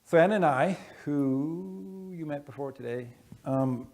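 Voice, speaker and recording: Creaky man speaking haltingly to a crowd. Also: on the high side, darkish tone. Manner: halting, with many fillers and restarts. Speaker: conference speaker. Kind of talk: casual talk to an audience. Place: conference room. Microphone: wearing headphones with a masking device.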